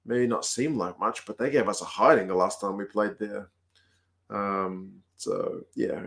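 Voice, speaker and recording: Easygoing New Zealand man chatting. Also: on the low side. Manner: relaxed, chatty, answers viewer questions aloud. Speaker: livestream host. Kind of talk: casual chat reading comments.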